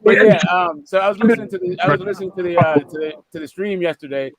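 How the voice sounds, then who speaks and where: A man's voice: high voice, fairly even intonation, fast, a loud crowd. A man co-hosting a casual boxing chat, rambling with many fillers and restarts. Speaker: podcast co-host.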